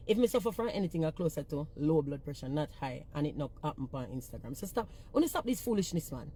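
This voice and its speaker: Jamaican woman on a phone livestream, profane and blunt, scolding viewers in a mid-pitched voice. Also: a little mellow. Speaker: social media personality.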